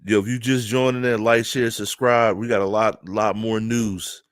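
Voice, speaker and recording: A man from Philadelphia giving casual, animated opinion commentary to his viewers, laughing often and talking straight to them. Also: on the low side, moderate pace, no room sound, clean studio sound. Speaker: news commentary streamer.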